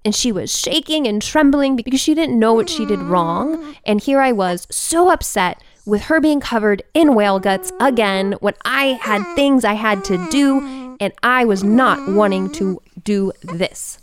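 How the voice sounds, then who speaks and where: A woman hosting a podcast tells a personal story with animation and expression, her pitch and pace swinging widely. Even so, she never sounds hurried.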